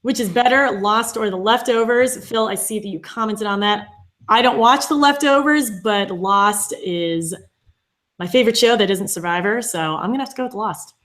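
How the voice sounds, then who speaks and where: Chatty young woman with a slightly high voice. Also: moderate pace, fairly bright tone. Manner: chatty, agreeable, frequent fillers. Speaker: co-host of a reality show podcast. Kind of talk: casual live-stream chat.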